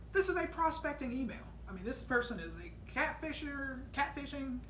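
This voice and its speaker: A woman's voice: mid-range voice, fairly bright tone, a little hiss or hum. A woman sales trainer telling a story in a casual teaching talk, with many fillers and restarts. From United States. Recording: echoey room, voice far from the mic.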